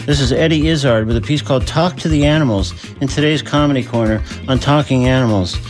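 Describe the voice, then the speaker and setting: A male radio show host introducing segments and asking friendly, slightly halting questions. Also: mid-range voice, soft background music. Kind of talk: radio interview.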